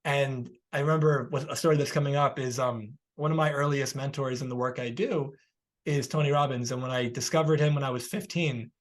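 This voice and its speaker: A man's voice: medium pitch, steady tone, a little fast. A man hosting a podcast interview, earnestly telling a story and offering encouragement, who works as a healer himself.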